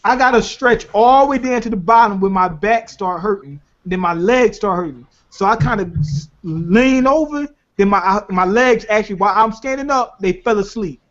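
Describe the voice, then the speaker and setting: A man co-hosting a casual chat, telling profane, animated stories and laughing often. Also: high voice, normal speed, few pauses. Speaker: podcast co-host. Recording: dull lo-fi recording.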